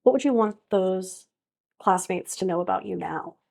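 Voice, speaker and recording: Gravelly-voiced woman interviewer. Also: medium pitch, normal speed, a little mellow. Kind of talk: interview questions.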